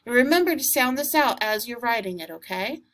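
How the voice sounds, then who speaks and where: A woman teacher giving a recorded vocabulary lesson to students, speaking patiently and encouragingly and sounding words out slowly. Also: a little high, expressive, fairly bright tone.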